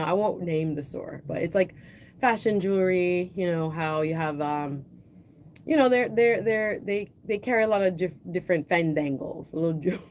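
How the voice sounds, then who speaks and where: A woman's voice: lowish voice, a little hiss or hum. Chatty Jamaican woman on a livestream. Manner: chatty, animated, slips into patois. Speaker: livestream host. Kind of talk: casual livestream storytelling.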